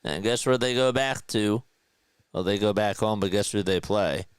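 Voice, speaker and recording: Male fan streamer, live play-by-play, excitable and chatty; smooth, resonant voice, dry close sound. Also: fairly low pitch, normal speed, dry recording. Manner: excitable, hyped, chatty with viewers.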